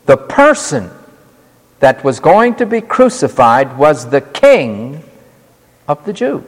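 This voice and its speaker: A man's voice: a little high, very animated, breathy edge. Dramatic preacher man in a reverberant hall. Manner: dramatic, swooping delivery, slowing on key words. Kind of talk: sermon.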